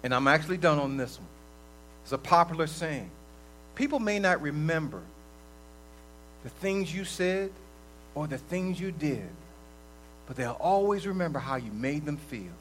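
A man with a fairly high voice preaches a sermon in a loose, conversational way. He swings between loud bursts and quiet asides. A faint electrical hum sits under the recording. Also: moderate pace, pauses often, poor audio. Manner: lively, conversational preaching with sudden loud outbursts and soft drops. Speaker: lay preacher. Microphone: livestream recording.

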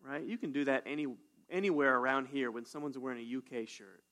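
A man preaching a sermon as pastor, animated and conversational, often asking "right?". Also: mid-range voice, a little fast. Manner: animated, call-and-response, says "right?" often.

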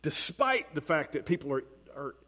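A man with a Mississippi accent preaches in a loose, folksy way, restarting his sentences and teasing himself. His voice sits fairly high for a man. Long reverb trails after each phrase, as in a big sanctuary. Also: very animated, normal speed, sharp tone. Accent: Southern US, Mississippi. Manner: folksy, self-deprecating, with frequent restarts and "right?". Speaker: pastor. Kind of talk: sermon.

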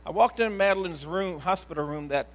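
A man, a pastor, telling a personal story in an earnest, emotional sermon style, often halting and repeating words. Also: sits high, poor audio.

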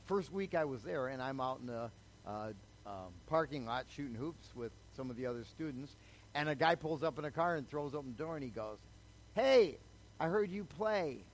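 The recording is rough, and the older man's voice sits fairly high. He preaches chattily, recounting his own story as testimony and often asking the crowd "okay?"

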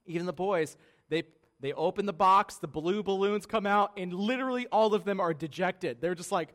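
A man in his thirties preaching a conversational sermon in a church, lively and laughing, often asking the congregation "right?". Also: sits high, moderate pace. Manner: conversational, animated, laughing, many tag questions. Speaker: pastor. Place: church sanctuary.

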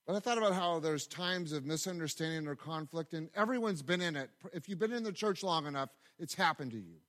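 A man's voice: on the high side, expressive, a little fast, fairly bright tone. Conversational man preaching a sermon. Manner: conversational, storytelling with asides and repetitions. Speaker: pastor.

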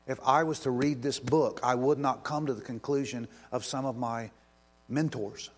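A man preaching from the pulpit with a mid-range voice. He talks plainly and earnestly, then swells into fervent questions. When he turns to prayer his voice drops soft and hushed. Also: mid-range voice, steady tone, moderate pace. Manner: impassioned, rising to emphatic questions. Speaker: pastor. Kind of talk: sermon.

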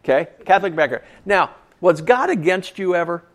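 The male pastor's voice sits high, a bit bright, with lively intonation and a fairly quick pace. Preaching conversationally, he puts questions to the congregation and repeats key lines for emphasis.

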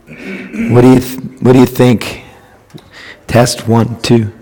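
Laid-back pastor guy doing a slow mic check, jokey, big echoey church hall. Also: mid-range voice. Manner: relaxed, joking, counting into the mic. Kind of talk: casual sound check before a sermon. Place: church sanctuary. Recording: long hall reverb.

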